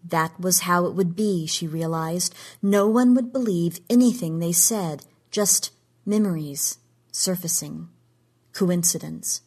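Husky, low-voiced woman reading a story. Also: slow, darkish tone. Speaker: narrator. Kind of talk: scripted story narration.

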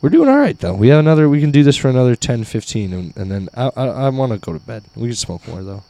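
A man's voice: medium pitch, quick pace, mellow, no echo. A man hosting a casual podcast, joking crudely and rambling in loose chat. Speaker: podcast host. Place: porch, outdoors.

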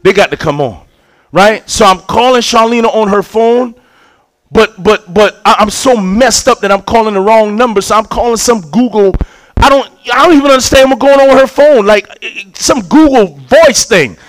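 A man, preaching a sermon as a story, acting out scenes and repeating words when excited. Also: high voice, normal speed, dry recording, low-quality recording.

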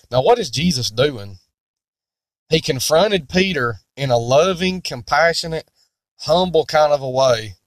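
A man preaching in a sermon-style Bible teaching, deliberate and emphatic. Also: a little high, dry recording.

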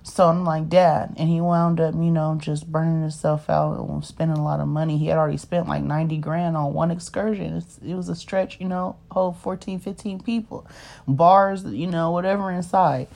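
A woman's voice: low-pitched, fairly even intonation, moderate pace, vocal fry, a little mellow. A woman, telling her life story in a rambling, casual way and often asking "you know what I mean?". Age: 30s. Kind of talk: casual personal monologue.

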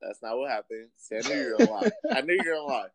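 A man's voice: mid-range voice, big pitch swings, rapid-fire, gravelly, a loud crowd. Defensive man correcting a story. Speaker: co-host. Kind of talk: casual podcast banter.

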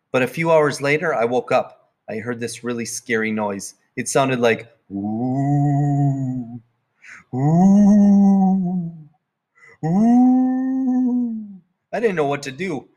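Man reading a storybook aloud. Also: fairly high pitch. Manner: plain, even read-aloud telling. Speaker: narrator.

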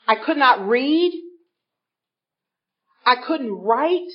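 A woman with a high voice speaks very slowly as she shares her story at a recovery workshop in front of a live audience. She's animated and performs the voices of the people she describes, and the recording is dull and lo-fi.

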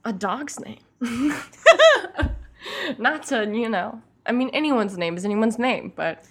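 A woman's voice: a little high, slow pace, husky. A woman co-hosting a podcast in casual movie chat, giggly and playful. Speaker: podcast co-host.

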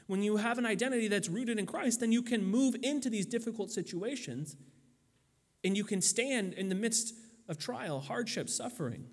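A man's voice: high voice, animated, normal speed, big-room sound. A man preaching a sermon in a loose, conversational way, with plenty of fillers and restarts. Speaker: pastor.

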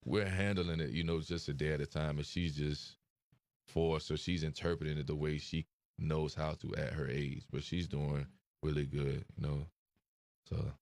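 A very deep-voiced young man talks in an interview, slow to find his words and full of fillers. His delivery stays flat and even. The sound is dry and close. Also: no echo. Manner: soft-spoken, hesitant, many fillers. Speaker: interview guest. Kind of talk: emotional interview conversation.

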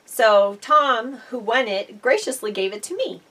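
A woman's voice: a little high, expressive, unhurried, a bit bright, distant mic. A middle-aged woman co-hosting a casual chat podcast, telling stories in a chatty way and laughing often. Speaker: podcast co-host.

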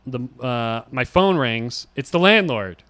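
An animated man co-hosting a podcast, telling a story with frequent laughs and voices for the people in it. His voice is bright and smooth, sitting a little high. The close mic gives a dry sound. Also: a little slow, dry recording. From New York City. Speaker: podcast co-host. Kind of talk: casual storytelling chat.

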